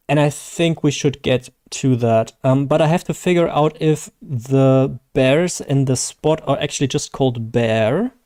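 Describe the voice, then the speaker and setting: A man's voice: mid-range voice, darkish tone, no room sound, studio quality. A man from Germany with a German accent, hosting a casual live gaming stream, hesitant and self-deprecating with many fillers and restarts.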